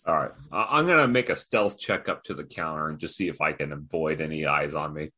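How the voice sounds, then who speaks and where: A man's voice: a bass voice, brisk, sharp tone, breathy edge. A man playing a tabletop game, casually describing his character's moves and asking questions. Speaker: player.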